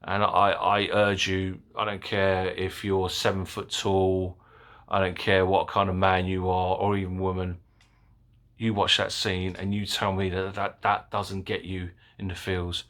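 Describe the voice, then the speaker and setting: A man giving a casual, excitable movie review, rambling with fillers and the odd swear word. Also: sits low, a little slow. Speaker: film reviewer.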